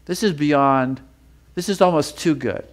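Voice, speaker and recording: Repeated phrases carry a Bible teacher's heartfelt sermon as it builds. He shifts to a slower, lower voice whenever he reads scripture.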